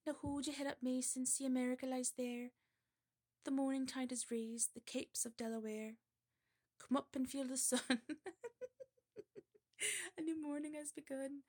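A woman's voice: sits high, fairly even intonation, moderate pace, pauses often, darkish tone. A woman putting on a Geordie accent to voice a proud young male surveyor, reciting verse in a sing-song way. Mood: hopeful. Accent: Geordie, attempted.

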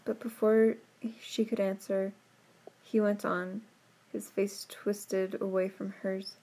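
A woman reading a storybook aloud at an unhurried pace. Her tone is mellow and soft, with a fairly even melody that stays calm through the tale. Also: medium pitch. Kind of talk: storybook read-aloud narration.

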